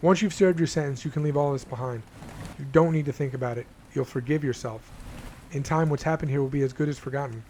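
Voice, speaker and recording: A man reading aloud the lines of a calm, steady police detective from a game, speaking reassuringly. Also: mid-range voice, quick pace, a little hiss or hum, close to an everyday voice.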